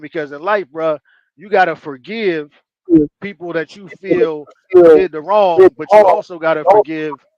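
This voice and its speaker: A man's voice: a little high, no room sound. Slangy man telling a story, lo-fi. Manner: loose, slangy street storytelling with many fillers. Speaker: panel guest. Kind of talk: storytelling on an audio panel.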